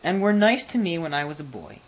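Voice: medium pitch, big pitch swings, brisk, pitched above the performer's own voice, rough recording. A reader voicing a timid storybook king. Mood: mild, coaxing. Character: timid, polite fairy-tale king. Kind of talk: storybook reading.

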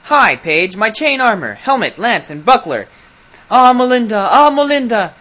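A storybook reader voicing a brave, hot-headed young prince who calls out in loud, eager bursts. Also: mid-range voice, big pitch swings, normal speed, pitched above the performer's own voice.

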